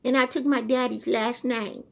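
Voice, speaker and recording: A woman's voice: fairly high pitch, steady tone, moderate pace, creaky. A woman voicing a proud little pet dog. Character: small pet dog boasting about his married parents.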